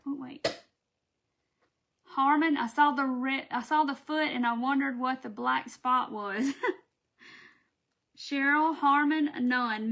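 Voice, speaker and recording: High-voiced woman, chatty live-stream craft host, affectionate with viewers. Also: bright, forceful tone. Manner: chatty and affectionate, reads viewer names aloud. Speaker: craft seller hosting a live video. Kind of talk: casual live-stream chat.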